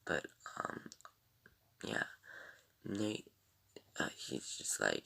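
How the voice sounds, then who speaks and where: A man's voice: a bass voice, very animated, drawn-out words, gravelly, long pauses, pushed and bright. A man reviewing a TV episode in casual, rambling chat, full of ums and sighs.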